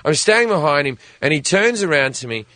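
An Australian man, a comedian guest on a talk show, telling an animated comic story and acting out voices. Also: on the high side, a little fast, no echo.

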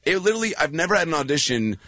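A man being interviewed as an actor, telling stories in a rambling, animated way with lots of fillers and restarts, acting out what others said. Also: on the high side, racing, a crowd in the background. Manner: animated storyteller who acts out quoted voices. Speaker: actor and guest. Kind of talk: casual anecdotal chat.

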